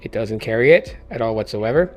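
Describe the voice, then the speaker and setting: Rambling male tech vlogger, slightly hoarse. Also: mid-range voice, animated, a little fast. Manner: rambling, conversational, many fillers. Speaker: tech reviewer. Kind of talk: casual tech review vlog.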